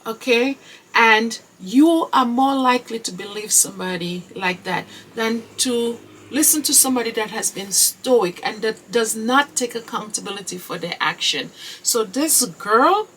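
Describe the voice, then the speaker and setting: Female podcast host, slow and husky, earnest and emphatic, slightly off-mic. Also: on the high side, expressive, a bit bright, far from the mic, rough recording. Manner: earnest and emphatic, with rhetorical questions and "okay?" asides. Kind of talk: solo podcast commentary.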